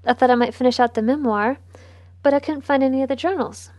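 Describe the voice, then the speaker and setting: A woman voicing a restrained young gentleman who keeps his voice level under pressure. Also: high-pitched, fast, dry recording, lightly acted. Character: strained, patient young gentleman son.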